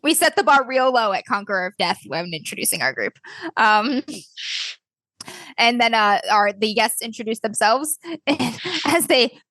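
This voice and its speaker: A woman's voice: fairly high pitch, animated, moderate pace, fairly bright tone, no room sound. A woman player recapping the last session of a tabletop game in a casual, giggly way. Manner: giggly, laughs through her lines.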